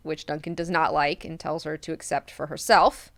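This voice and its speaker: A woman's voice: low voice, steady tone, normal speed, dry recording, clean studio sound. A woman hosting a book club, casually recapping chapters with frequent swearing and laughing. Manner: casual, profane, laughs often.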